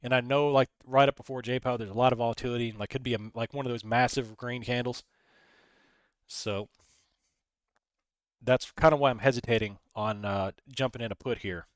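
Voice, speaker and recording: A man's voice: mid-range voice, steady tone, a little fast, clear, resonant tone, no echo. A man hosting a casual live stream, rambling, reading chat messages aloud and talking through his trades. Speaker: livestream host.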